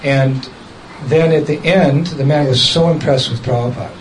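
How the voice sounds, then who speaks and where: A man's voice: medium pitch, moderate pace, a little hiss or hum, rough recording. Man chuckling through a story. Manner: chuckles often while telling, quotes others directly. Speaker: devotee recounting a memory. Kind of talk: casual storytelling talk.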